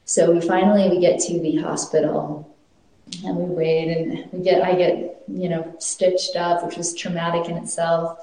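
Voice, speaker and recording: Woman telling her own story, earnest, kinda low and mellow voice, lots of restarts. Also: little pitch movement, moderate pace. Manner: earnest and reflective, with frequent restarts. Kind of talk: personal storytelling. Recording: very echoey room.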